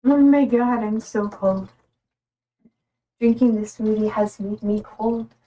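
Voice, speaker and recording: A woman's voice: medium pitch, takes it slowly, dark tone, far from the mic, poor audio. A young woman streamer chatting casually in a rambling way with many fillers. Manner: rambling, many fillers, talking to her cats. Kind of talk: casual chat.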